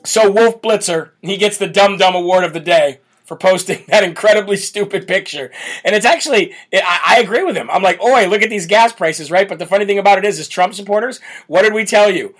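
A man's voice: sits high, brisk, fairly bright tone. A man hosting a live political commentary show, brash and mocking, reading viewer comments aloud between rants. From United States. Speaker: political talk show host.

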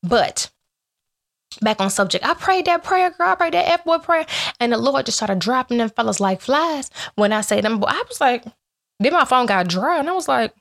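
A woman vlogger in casual faith talk to her viewers, telling animated stories in which she acts out both her own lines and God's replies, with playful asides. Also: a little high, normal speed, gravelly.

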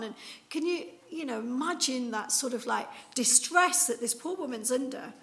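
Gravelly chatty woman preacher. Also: on the high side, brisk, fairly bright tone. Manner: chatty storytelling with many fillers. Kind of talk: informal Easter sermon.

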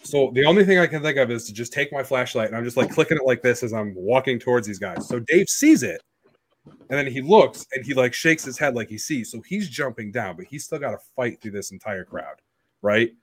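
A young man hosting a podcast, telling a story in a blunt, profane, animated way. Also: mid-range voice, fairly quick. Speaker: podcast host. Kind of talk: casual storytelling chat.

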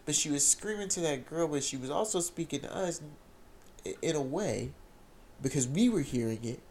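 Young man, gravelly voice, emotional excited testimony, repeats himself, faint background hiss. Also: fairly high pitch, moderate pace. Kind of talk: personal testimony.

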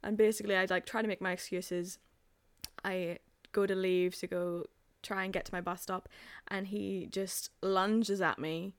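A young woman from Northern Ireland, a podcast co-host, telling a story in casual chat and acting out quotes in high, excited voices. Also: normal speed, clean tone, no echo. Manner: animated storyteller, acts out quotes in high voices, laughs often.

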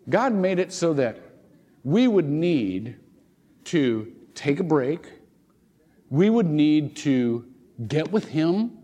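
A man preaching a sermon in a casual, animated way, laughing often and restarting his sentences. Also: on the high side. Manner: animated and conversational, with many restarts and chuckles. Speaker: pastor. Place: church sanctuary. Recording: long church hall reverb.

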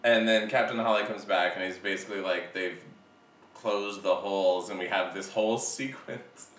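A man's voice: deep voice, steady tone, normal speed, fairly bright tone, echoey room, distant mic, slight background noise. A man co-hosting a casual, joking film chat, swearing and laughing often. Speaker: podcast co-host.

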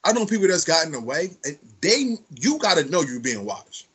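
A man's voice: a little high, very animated, a little fast, a bit bright, husky. A man co-hosting a podcast, telling stories in blunt, profane casual chat. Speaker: podcast co-host.

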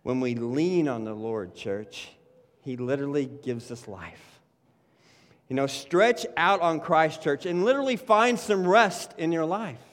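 A man's voice: on the high side, measured pace. A man preaching a sermon in a loose, conversational way, often adding "you know" and "right". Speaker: pastor. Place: church sanctuary. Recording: reverberant church hall.

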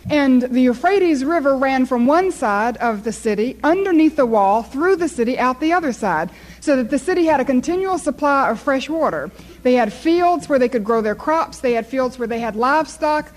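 Woman preacher, high voice, lively sermon storyteller. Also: moderate pace, poor audio.

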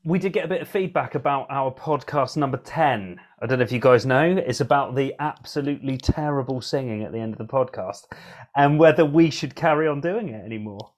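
A man hosts a podcast with jokey, rambling banter. His voice sits at a middling pitch, and he talks in a relaxed, chatty way. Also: fairly quick. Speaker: podcast host. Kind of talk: casual chat.

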